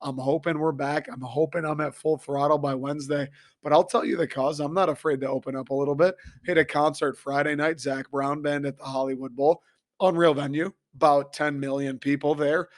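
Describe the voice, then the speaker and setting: A young man from Michigan, hoarse and a little raspy, ranting profanely and excitably as he hosts a casual sports talk show. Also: on the high side, a little fast. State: hoarse after a concert. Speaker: sports podcast host.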